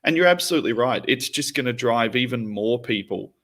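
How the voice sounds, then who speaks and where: A man's voice: medium pitch, lively intonation, a little fast, fairly bright tone. Emphatic, sweary man in football chat. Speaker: podcast co-host.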